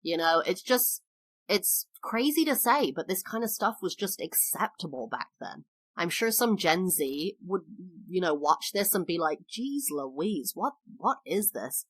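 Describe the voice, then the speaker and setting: A woman's voice: fairly low pitch, animated, unhurried, a bit bright, no echo. A woman podcast host recapping a movie in casual chat, full of "like" asides and acted-out quotes. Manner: chatty, lots of "like" asides; acts out quoted lines.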